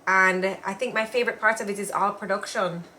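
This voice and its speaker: Bright-voiced woman co-host. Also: medium pitch, fairly even intonation, a little fast, a little hiss or hum. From Jamaica. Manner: chatty, reads viewer comments aloud. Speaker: co-host of a weekly live show. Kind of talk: casual live-stream chat.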